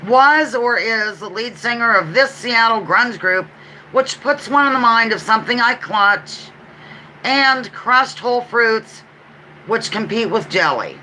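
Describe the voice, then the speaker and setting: Bright, lively Pennsylvania woman hosting trivia. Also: a little high, a little hiss or hum, poor audio. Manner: chatty, self-correcting, repeats clues slowly. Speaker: trivia livestream host. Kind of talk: casual live trivia chat.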